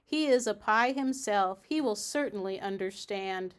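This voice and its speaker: A woman voicing a fussy, easily panicked lady dog in a storybook read aloud, her voice raised high and anxious. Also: a little slow, lightly acted. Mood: anxious, wailing. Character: fretful lady dog, dramatic, prone to panic.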